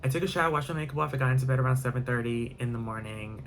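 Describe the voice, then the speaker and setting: A vlogger rattles off a storytime video in a rambling way, loaded with fillers, repetition, and casual swearing. His mid-range voice is flat and rapid-fire, with a little hiss or hum in the recording.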